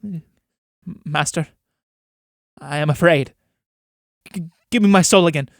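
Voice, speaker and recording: A man's voice: fairly high pitch, a little slow, vocal fry, no room sound, clean studio sound. A man reading the part of a terrified middle-aged man who has sold his soul, stammering with fear. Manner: stammering, fearful.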